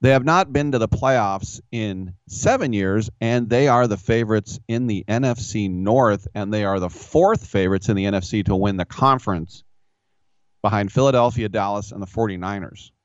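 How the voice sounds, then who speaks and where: A man's voice: on the low side, normal speed, no echo. A man hosting a sports radio show, telling rambling, self-mocking stories. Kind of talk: casual sports talk radio. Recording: dull, dry studio sound.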